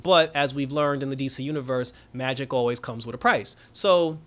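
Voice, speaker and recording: A man's voice: medium pitch, normal speed, fairly bright tone. A man giving a casual, rambling recap of a TV episode, full of filler words, swearing and frequent laughs. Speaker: TV reviewer.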